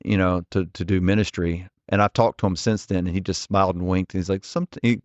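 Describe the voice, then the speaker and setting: Man, forties, earnest, direct, storytelling, deep-ish voice, dry muffled audio. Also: fairly even intonation, quick pace, dry recording. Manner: earnest, direct, frequent restarts. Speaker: ministry leader, podcast guest. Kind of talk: conversational interview storytelling.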